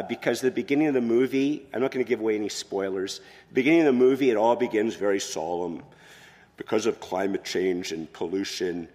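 A man preaching a sermon as pastor, expressive, moving between quiet, soft passages and loud emphatic ones. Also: on the low side, big-room sound.

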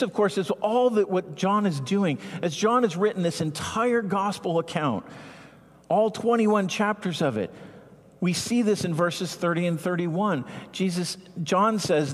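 An earnest male pastor preaching a sermon with a somewhat husky, higher-pitched voice. He leans into his points and stretches out the words that matter most. The sound rings with a long reverb, as if from a big church sanctuary. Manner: earnest, emphatic, slows to stress key words.

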